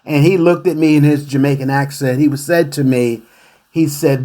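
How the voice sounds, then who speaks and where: A man hosting a radio interview show, reflective and halting, searching for his words as he goes. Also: a little high, steady tone, warm tone. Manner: reflective, hesitant with many fillers and restarts.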